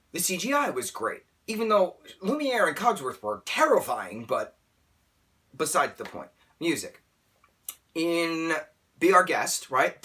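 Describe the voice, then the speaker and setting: A man rants his way through a film review, animated, exasperated and theatrical, breaking into sarcastic outbursts. His voice sits a little high.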